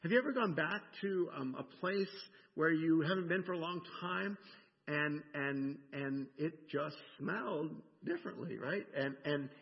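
A man's voice: fairly high pitch, unhurried, creaky. An older American man preaching a sermon, emphatic and repeating words as he explains scripture. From United States. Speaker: pastor. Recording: dull sound with long reverb in a hall.

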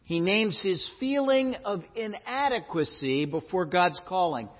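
A male pastor preaching a sermon, animated and emphatic, often asking questions of his listeners. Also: high-pitched, measured pace. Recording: echoey hall, dull lo-fi sound.

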